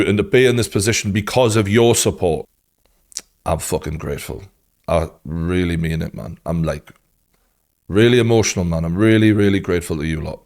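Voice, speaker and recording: Geordie bloke ranting about boxing, swears a lot, fairly low voice, fired up. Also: male voice, darkish tone. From North East England. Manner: blunt, sweary, passionate. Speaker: boxing reaction host. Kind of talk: casual opinionated reaction monologue.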